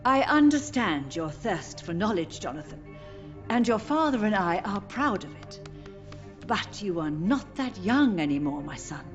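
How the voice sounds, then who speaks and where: A sorrowful old mother from a game, soft and tender in every word. Her voice sits at an ordinary pitch and comes through a dull, lo-fi mix with faint music underneath. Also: sing-song, a little slow. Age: older. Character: grieving elderly mother, gentle and confused. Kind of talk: game voice acting.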